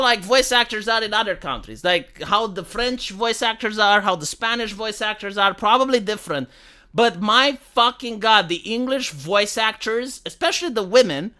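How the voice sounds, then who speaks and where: A woman with a Montreal accent ranting profanely to her live-stream audience. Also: fairly high pitch. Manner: profane, exasperated, fast and animated. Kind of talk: casual live-stream rant.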